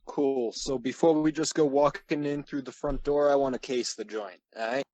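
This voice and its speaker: A man's voice: medium pitch, fairly even intonation, moderate pace, mellow, no room sound, rough recording. A man playing a tabletop game, talking casually as a detective character. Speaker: player.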